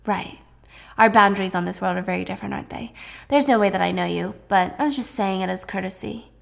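A woman's voice: mid-range voice, quick pace, gravelly. A woman voicing a haughty rich heiress who talks down to people in a dismissive, condescending way.

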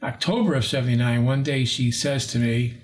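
A man's voice: medium pitch, brisk. A man in his sixties, a paranormal investigator, telling a rambling story in an interview and acting out the people he quotes. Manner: rambling, acts out quoted voices.

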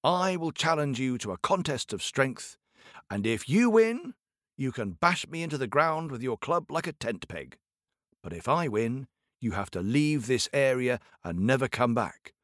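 A man voicing a tiny, quick-witted male tailor in a told folk tale, high and cocky. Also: very animated, a bit bright, no echo, clean studio sound. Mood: sly. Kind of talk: storybook character voice.

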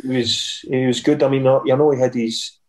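A man's voice: medium pitch, steady tone, a little fast, a little mellow, low-quality recording. A middle-aged man with a Scottish accent, a podcast guest telling rambling stories and acting out the other people's voices. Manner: rambling anecdotes, acts out quoted voices. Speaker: guest, former footballer. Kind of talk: podcast storytelling.

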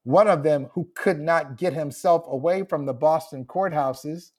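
A man with a fairly high voice talks as an author guest on a podcast, heard over a remote link. He is reflective and openly emotional, and he laughs now and then. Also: a little slow, darkish tone. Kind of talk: podcast interview.

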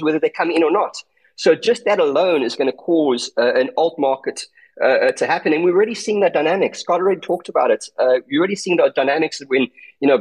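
A man's voice: fairly high pitch, husky, low-quality recording. A man with a South African accent giving emphatic market commentary in an online audio chat, tagging his points with "okay?" and "right?". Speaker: crypto trader and guest speaker.

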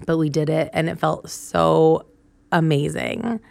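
A woman's voice: low-pitched, level tone, a little slow, gravelly, darkish tone, dry recording. A young woman hosting a solo podcast, telling a story in a chatty way and laughing often. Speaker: podcast host.

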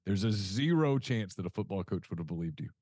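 A man hosting a sports podcast, talking in a relaxed, easygoing way with plenty of fillers. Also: low-pitched, fairly quick, husky, dry recording, clean studio sound. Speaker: podcast host. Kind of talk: casual interview chat.

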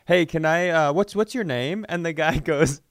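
Clear-voiced man telling a story. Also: on the high side, normal speed, dry recording, studio quality. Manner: animated, acts out phone voices, laughs mid-story. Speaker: comedy podcast host. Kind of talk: casual storytelling.

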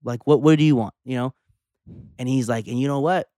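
A young adult man co-hosting a podcast, telling a story in a casual, animated way, acting out the dialogue and swearing. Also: mid-range voice, fairly quick, no echo, studio quality. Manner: animated storyteller, acts out dialogue, curses, says "like" a lot. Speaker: podcast co-host.

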